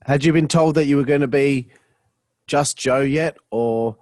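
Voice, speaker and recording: A man co-hosting a podcast, feeling his way into each question with plenty of ums and uhs. His voice sits at a middle pitch and sounds dry and close, with no room around it. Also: measured pace, darkish tone, no room sound. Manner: hesitant, filler-heavy questioning. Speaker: podcast co-host.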